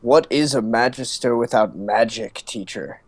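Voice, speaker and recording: A man's voice: mid-range voice, unhurried, no echo. A man playing a doubting young magister. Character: troubled young male magister who lost his magic.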